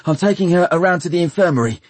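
A man reading an audiobook and voicing a young male apprentice who talks urgently, in a raised, husky voice. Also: high voice, animated, quick pace, no room sound, voice pushed up. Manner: urgent, hushed then shouting.

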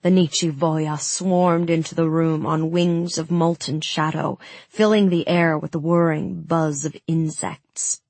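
A woman narrating a fantasy audiobook in the first person, with steady, dramatic storytelling on a close studio mic. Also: low-pitched, a little slow, no echo.

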